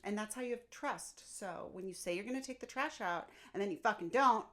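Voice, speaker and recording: A woman's voice: medium pitch, a little fast. A woman co-hosting a podcast, chatting casually and bluntly, with some swearing. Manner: blunt, expressive, swears freely. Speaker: podcast co-host. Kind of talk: casual chat.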